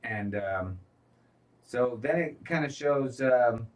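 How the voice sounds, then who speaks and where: A man chatting casually as a co-host, wandering through his points with restarts and frequent swearing. His voice sits in a middling pitch and sounds a little distant from the microphone. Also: expressive, slow pace. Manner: rambling, profane, loose. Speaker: podcast co-host. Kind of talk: casual chat.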